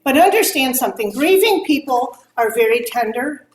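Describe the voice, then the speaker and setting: A woman's voice: high-pitched, a little fast, hardly any pauses. A middle-aged woman speaking candidly about grief to a group of mothers, acting out the remarks people made to her. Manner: candid, animated, acts out quoted remarks. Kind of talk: talk to a moms' group. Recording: echoey room with faint ambience.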